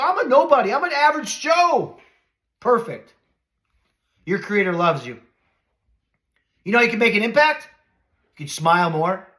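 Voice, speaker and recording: Man, middle-aged, high voice, podcast host, motivational, earnest, preacherly, soft lows and emphatic highs.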